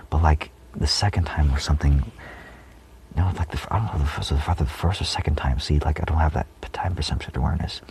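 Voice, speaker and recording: A man with a very deep voice and a heavy vocal fry rambles through a spiritual monologue. He meanders, restarts and often drops into a whisper. A faint hiss sits under his voice. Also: a little mellow. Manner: meandering, many fillers, often trails off into whispers. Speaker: spiritual vlogger.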